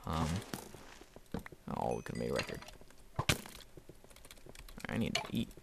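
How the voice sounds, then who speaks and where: A man's voice: a bass voice, very animated, takes it slowly, gravelly, heavy background noise. A teenage boy giving casual, rambling gameplay commentary, chatty and often breaking into laughter. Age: teens. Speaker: gamer.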